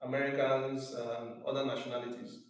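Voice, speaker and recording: Nigerian male tutor, mid pitch, patient repeater, recorded far off in a very echoey room. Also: flat delivery. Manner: repeats each definition slowly, quizzes the student. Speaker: math tutor. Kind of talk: live math tutorial.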